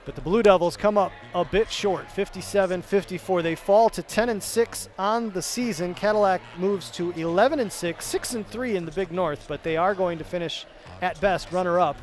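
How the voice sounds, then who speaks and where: A man's voice: sits high, moderate pace. A male sports announcer giving a postgame wrap-up, rattling off player stats in a chatty, self-correcting way. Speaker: play-by-play announcer.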